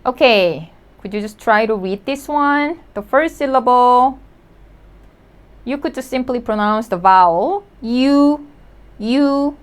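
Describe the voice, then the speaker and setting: Speaking a little slowly with lively intonation and a slightly high voice, this woman teaches Korean vocabulary in English. Her lesson is slow and clear, with every word repeated and each syllable sounded out.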